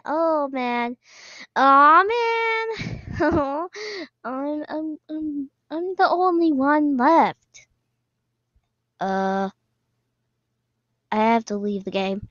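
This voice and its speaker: A young woman commentates on her game in a high, swooping voice that leaps up into squeals and drops low again. She is excitable and laughs often, with an unhurried pace. The sound is dry and a little dull and lo-fi. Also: no room sound. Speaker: gaming video creator.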